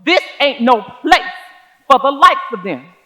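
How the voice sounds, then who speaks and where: A woman's voice: high voice, very animated, measured pace, big-room sound, voice pushed up, full character voice. A woman putting on a menacing man. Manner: harsh, loud, threatening. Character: menacing, hostile Southern white man.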